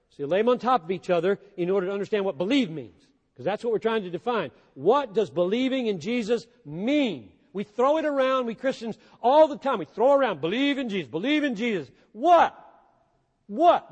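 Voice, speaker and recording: Impassioned high-voiced male preacher in a hall. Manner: impassioned, swinging between quiet and loud emphasis. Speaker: pastor. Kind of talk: sermon. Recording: long hall reverb.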